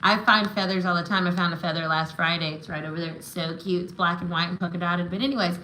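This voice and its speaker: A woman's voice: fairly low pitch, fairly even intonation, fast, sharp tone, roomy sound, slight background noise, rough recording. A woman giving live tarot and oracle readings, affirming and encouraging, often checking in with "right?" and "okay?". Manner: emotional, spiritual encouragement. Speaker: tarot reader.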